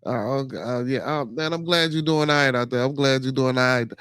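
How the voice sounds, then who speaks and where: A man's voice: medium pitch, a little fast, fairly bright tone, clean tone, no room sound. A man hosting a casual livestream podcast, greeting viewers and rambling loosely with repeated phrases. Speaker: podcast host.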